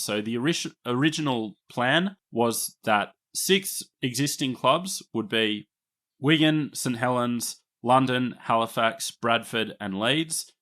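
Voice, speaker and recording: In a casual history podcast, the Australian-accented host speaks in a mid-range voice with a fairly bright tone. He explains things at length, keeps it chatty and laughs easily.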